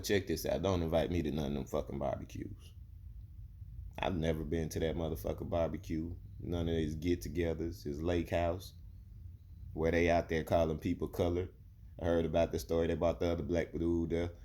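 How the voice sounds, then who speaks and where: A young man from Alabama vlogs a blunt, profane, heated rant straight to camera. His voice sits low with a level, warm tone, and he talks fairly quickly.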